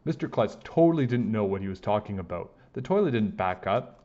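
A man with a fairly low voice reads a children's chapter book aloud, swinging his pitch widely as he tells the story. His delivery is animated and expressive. The sound is slightly dull and lo-fi. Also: normal speed, few pauses. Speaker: storybook reader.

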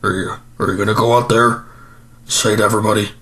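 A man's voice: fairly low pitch, level tone, quick pace, fairly bright tone, close to an everyday voice. A man playing an overstuffed, self-pitying male supervillain in an improvised comedy monologue, groaning and rambling about his regrets.

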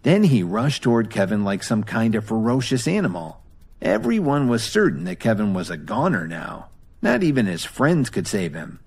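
A man narrating an audio drama in a dramatic, expressive storytelling manner. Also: fairly low pitch, normal speed, husky.

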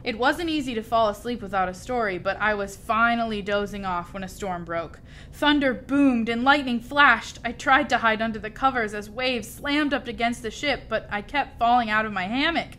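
A woman reading a children's story aloud with expressive, lively storytelling. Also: a little high, normal speed, a little hiss or hum. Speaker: storybook reader.

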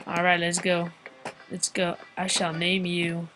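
A woman's voice: lowish voice, monotone, measured pace, a bit bright, rough recording. A young woman giving casual, crude and sarcastic commentary while playing a game. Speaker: game player. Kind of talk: let's play commentary. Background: game music.

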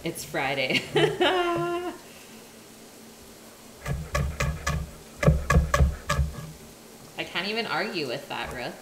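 A woman's voice: low-pitched, lively intonation, a little fast, hardly any pauses, very noisy. A woman from Canada cooking on a live stream in her home kitchen, chatting with viewers and answering their chat as she works. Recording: echoey kitchen with loud clatter. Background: clattering pots, pans and dishes.

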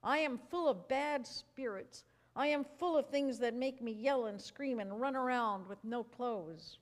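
A woman reading a Bible story aloud, voicing a frantic possessed man in shrill, pleading outbursts. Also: measured pace, lightly acted. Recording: reverberant church hall.

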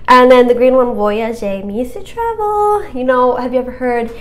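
A woman's voice: high-pitched, normal speed. A cheerful young woman walking through a French vocabulary quiz in a casual, chatty way, encouraging herself and stumbling over hard words.

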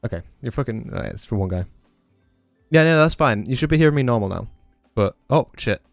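A man's voice: medium pitch, animated, fairly quick, no room sound, clean studio sound, faint music behind. A man with a Yorkshire accent, a gaming YouTuber chatting loosely and swearing as he sets up a voice changer. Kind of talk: casual gaming commentary.

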